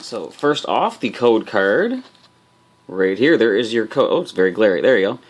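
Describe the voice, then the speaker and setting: A man's voice: on the low side, sing-song, moderate pace, background noise. A man hosting a booster pack opening, chatting upbeat and directly to his viewers. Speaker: host of a card game channel.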